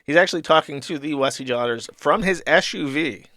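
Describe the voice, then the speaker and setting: A man's voice: fairly high pitch, brisk, bright, forceful tone, no room sound, studio quality. A man in his thirties hosting a podcast, casually reading and commenting on a comic in a rambling, profane way with laughing asides. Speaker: podcast host.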